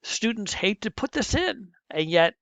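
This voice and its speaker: A middle-aged man leads a screen-recorded programming lesson step by step, muttering as he types. His high-pitched voice is sing-song, a little slow, and fairly bright, with no echo, though the lo-fi mic sounds muffled and dull.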